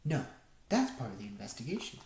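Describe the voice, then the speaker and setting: A woman's voice: very deep voice, very animated, a little fast, a little mellow, roomy sound, voice pushed down, exaggerated voice. A woman voicing a young male police constable with a Cockney accent, curt and polite but unyielding. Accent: Cockney, put on.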